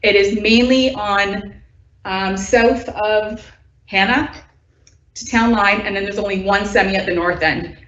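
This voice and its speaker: A woman's voice: mid-range voice, fairly even intonation, a little slow, fairly bright tone. A woman resident giving nervous, earnest public comment from home, her voice shaking with upset. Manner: earnest, nervous, pressing objections. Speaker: resident speaking at a council meeting. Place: indoors at home. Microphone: video call. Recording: distant, echoey, dull video call audio.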